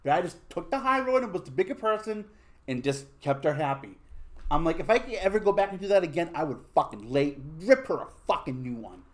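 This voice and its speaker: A man's voice: fairly high pitch, very animated, a little fast. A young man hosting a podcast, telling crude stories in casual chat, full of swearing and fillers. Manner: crude, profane storytelling with lots of fillers. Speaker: podcast host.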